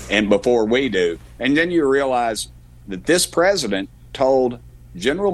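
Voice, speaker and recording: A man's voice: medium pitch, very animated, normal speed. A man, a congressman guest in a political radio interview, talking with passion and restarting his sentences often. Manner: impassioned, repetitive restarts, folksy phrases.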